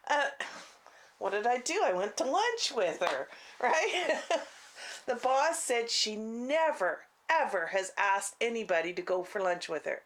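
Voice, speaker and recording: A woman vlogger telling a personal story in a casual, halting way, full of restarts and "you know", on a clip-on mic. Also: medium pitch. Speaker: faith vlogger. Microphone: clip-on mic she keeps bumping.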